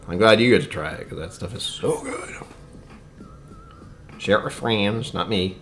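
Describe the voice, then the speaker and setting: A man's voice: on the low side, normal speed, long pauses, fairly bright tone, slight background noise. A man streaming a casual whiskey tasting, rambling to his viewers and muttering asides that sink to near-whispers. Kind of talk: casual livestream chat.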